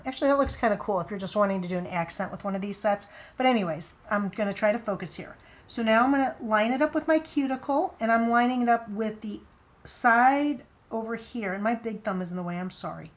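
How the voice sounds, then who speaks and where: A woman casually demonstrating how to apply nail strips, chatting and rambling with friendly asides, a frog in her throat that makes her clear it now and then. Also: mid-range voice, brisk. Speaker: nail product seller demonstrating application.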